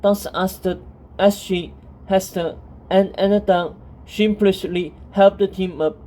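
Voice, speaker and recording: A woman narrates a fantasy story in a calm, steady reading voice. She takes her time with each line, and her tone is dark and mellow. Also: medium pitch, a little slow, poor audio.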